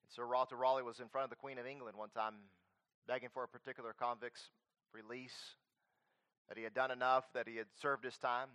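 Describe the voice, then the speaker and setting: A male preacher delivering a sermon, swinging between loud emphatic declarations and quiet earnest appeals. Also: mid-range voice, level tone, fairly quick.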